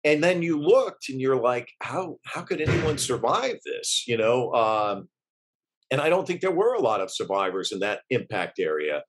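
Man, middle-aged, journalist, interview recollection, earnest, halting speech, medium pitch. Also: very animated. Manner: earnest, halting, many restarts and fillers. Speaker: journalist eyewitness. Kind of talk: recalling events in an interview.

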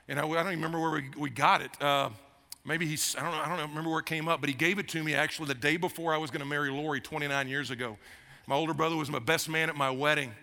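A man in his fifties preaching a sermon as pastor, emphatic and given to repeating his phrases, growing animated as he goes. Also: a little high, gravelly. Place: church sanctuary. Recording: long reverb of a large hall.

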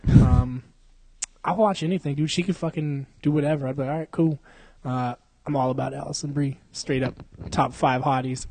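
A man's voice: medium pitch, moderate pace, no room sound. A young man co-hosting a podcast, telling stories in a casual, profane way and laughing often. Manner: profane, animated storytelling with frequent laughter. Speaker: podcast co-host.

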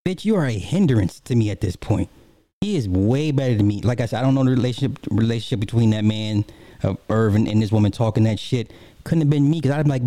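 A man's voice: mid-range voice, expressive, quick pace, warm tone, no echo. A man giving a heated, profane reaction commentary in blunt everyday speech.

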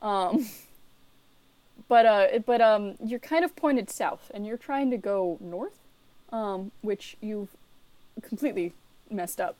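A woman's voice: medium pitch, animated, takes it slowly, long pauses, a little mellow, no echo. A woman running a tabletop game as game master, teasing the players and laughing often. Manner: giggly, teasing, filler-heavy.

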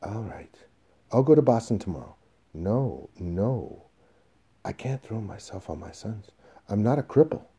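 A man reading the part of an aging, desperate salesman pleading with his boss, in a husky voice. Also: fairly low pitch, animated, measured pace, voice pushed up. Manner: pleading, emotional, rising to shouts.

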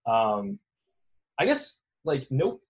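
A young man, a guest in an interview, casually recalls his school days, rambling, self-deprecating and often laughing at himself. His fairly high voice swoops wildly in pitch at a slow pace, and the audio sounds dull.

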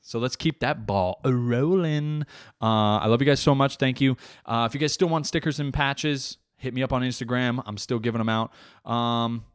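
A man's voice: medium pitch, steady tone, brisk, clean tone, dry recording, clean studio sound. Profane, jokey young man hosting a podcast. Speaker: podcast host. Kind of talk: casual solo podcast chat.

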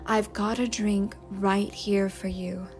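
Soft soothing young woman, slow and gravelly, done by a woman narrator. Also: mid-range voice, flat delivery, over music. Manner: soft and comforting.

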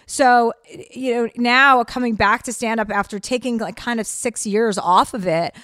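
A woman's voice: fairly high pitch, steady tone, normal speed, a bit bright, dry recording. Blunt, dry-witted middle-aged woman. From New Jersey. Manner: dry, blunt and self-mocking. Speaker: guest comedian. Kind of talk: casual interview chat.

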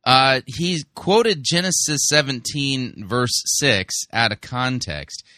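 A male podcast host reviewing a sermon in a conversational way, full of fillers, slowing down to stress key words. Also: medium pitch, lively intonation, sharp tone, no room sound, clean studio sound.

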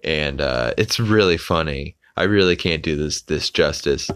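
Deep-voiced man rambling through a recap. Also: measured pace, a bit bright, smooth, no echo, clean studio sound. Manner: rambling, many fillers, swears casually. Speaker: podcast host. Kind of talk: casual episode recap.

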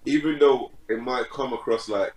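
A man's voice: mid-range voice, normal speed, a little mellow, echoey room, rough recording. A young man chatting casually as a podcast guest, laid-back, laughing often and saying "bro" a lot. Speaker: podcast guest, fitness content creator. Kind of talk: casual chat.

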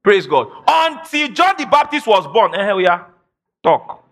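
A man preaching a sermon as pastor, emphatic, repeating phrases and shouting declarations. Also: sits high, sing-song, measured pace. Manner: quotes imagined listeners in mock voices.

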